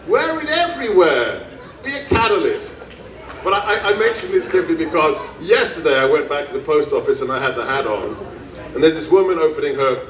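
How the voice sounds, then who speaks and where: A high, slightly bright male voice rings out at a gun rights festival rally. He tells stories with emphasis, hammering phrases through repetition. The outdoor stage recording carries echo and distant PA sound.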